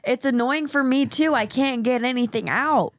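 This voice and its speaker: Gravelly-voiced woman with a cold. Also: high-pitched, moderate pace, no room sound, clean studio sound. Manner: chatty, rambling, laughs often. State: sick with a cold, rough voice. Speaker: podcast co-host. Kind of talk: casual chat.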